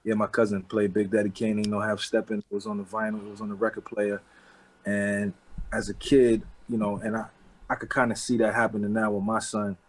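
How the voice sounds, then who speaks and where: A man in his thirties with a New York accent, talking casually and rambling a little in a relaxed interview, dropping street slang. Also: on the low side, fairly quick, rough recording. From the Bronx, New York. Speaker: rapper, interview guest.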